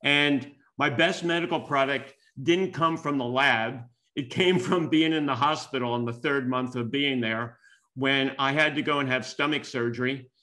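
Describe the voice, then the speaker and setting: An older man from the United States delivers a talk as a string of personal stories. His voice is bright and forward, and he acts out the quoted dialogue as he goes. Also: mid-range voice, normal speed. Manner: animated storyteller acting out quoted dialogue. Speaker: keynote speaker and business school teacher. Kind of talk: storytelling talk.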